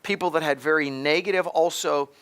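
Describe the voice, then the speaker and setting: A man's voice: fairly high pitch, steady tone, a little fast, a bit bright, clear, resonant tone. A middle-aged man hosting a health advice talk, speaking emphatically and straight to the listener, often restarting his sentences. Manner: emphatic, repetitive restarts, talks directly to the listener. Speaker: host, pharmacist.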